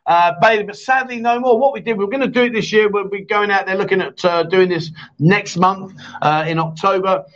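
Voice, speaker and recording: A man's voice: high-pitched, brisk, fairly bright tone. A man hosting a live-stream chat show, teasing his co-host, rambling and reading out viewer comments. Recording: dull lo-fi stream audio.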